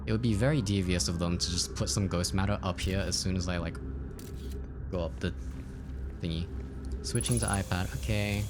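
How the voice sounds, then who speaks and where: A man's voice: sits low, moderate pace, long pauses, noisy background. A man casually chatting while streaming a game, rambling and joking as he reads chat aloud.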